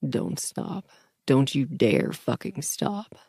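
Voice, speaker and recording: A woman voicing a commanding, dominant grown man in an audiobook romance, speaking in a low, domineering murmur. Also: huge pitch swings, takes it slowly, creaky, dark tone, slightly rough, no echo, clean studio sound, exaggerated voice.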